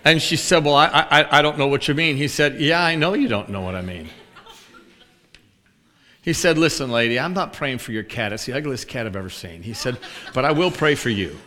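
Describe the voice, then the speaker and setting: Speaking briskly in a mid-range voice, a preacher animates a sermon story by voicing both sides of a conversation himself. A long reverb from the hall trails his words.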